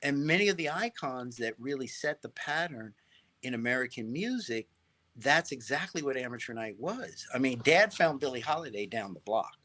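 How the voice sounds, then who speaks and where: A middle-aged man speaks as an interview guest with a mid-range voice. He tells his stories with energy and often restarts his phrases. He keeps pulling the listener in with a quick "right?". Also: medium pitch. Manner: animated storyteller, repeats and restarts phrases, checks in with "right?". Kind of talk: casual interview storytelling.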